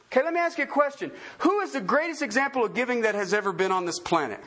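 High, lively male preacher. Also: fast talker. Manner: animated, asks the congregation many questions. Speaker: pastor. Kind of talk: sermon.

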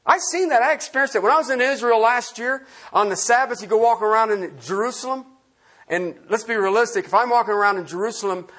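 A man's voice: sits high, fairly bright tone. A man preaching a sermon as pastor, emphatic and quizzing the congregation with questions.

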